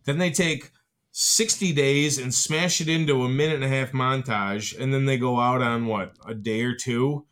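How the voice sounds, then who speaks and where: A man's voice: medium pitch, normal speed, fairly bright tone. A man joking sarcastically about a movie in casual podcast chat, swearing freely. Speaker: podcast guest. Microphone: sharing one mic in a kitchen.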